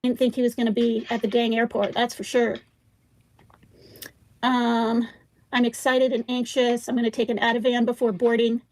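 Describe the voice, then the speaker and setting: A woman's voice: a little high, flat delivery, normal speed, darkish tone. A woman hosting a casual livestream, reading text messages aloud and stopping often with fillers and asides. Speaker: livestream host.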